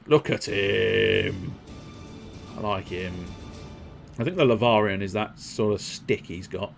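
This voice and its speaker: A man's voice: fairly low pitch, slow pace, gravelly, pauses often, faint music behind. Rambling male game streamer. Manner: rambling, jokey, self-deprecating. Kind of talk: casual gameplay commentary.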